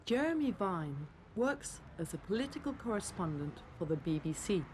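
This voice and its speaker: A woman narrating a language-lesson programme in a clear, teacherly way. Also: mid-range voice, big pitch swings, moderate pace, a little mellow, a little hiss or hum. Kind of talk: scripted narration.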